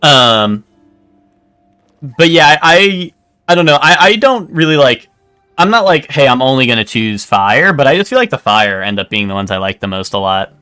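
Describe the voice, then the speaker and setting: A man's voice: fairly high pitch, big pitch swings, normal speed, sharp tone, clean tone, no room sound, clean studio sound, faint music behind. A man streaming a game, chatting casually with lots of fillers and restarts. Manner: rambling, hesitant, lots of fillers. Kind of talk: casual chat while gaming.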